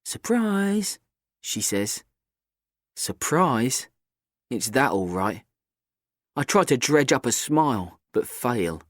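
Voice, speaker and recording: Man, audiobook narrator, first-person storytelling, glum tone, animated pitch. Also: takes it slowly, no room sound, studio quality.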